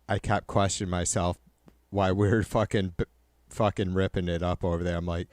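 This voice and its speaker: A man's voice: low voice, steady tone, moderate pace, a little mellow, no room sound. A man hosting a livestream in casual chat, swearing constantly and ranting heatedly to his viewers. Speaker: livestream host.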